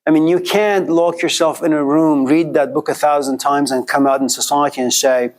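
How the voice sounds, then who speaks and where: A man's voice: on the high side, moderate pace. Conversational man lecturing a class. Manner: conversational, animated storytelling with quoted voices. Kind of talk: informal philosophy lecture to a class.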